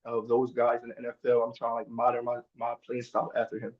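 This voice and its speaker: A man's voice: medium pitch, completely flat delivery, fast. A young man from New Jersey, a college football player, talking in an easygoing, enthusiastic, informal way as an interview guest. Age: young adult. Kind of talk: casual interview. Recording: dull lo-fi sound.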